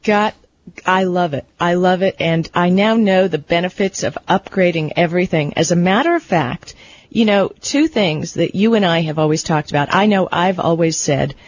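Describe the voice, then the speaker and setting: A woman's voice: fairly low pitch, normal speed, no echo. A woman co-hosting a tech radio talk show, chatty and laughing easily. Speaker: co-host. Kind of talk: casual radio chat. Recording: slightly dull radio audio with faint noise.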